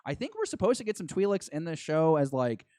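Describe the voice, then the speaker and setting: Excitable guy rambling on a podcast, kinda high voice, dry close sound. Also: fast talker, dry recording. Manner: excitable, rambling fan talk. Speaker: podcast co-host. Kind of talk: casual chat.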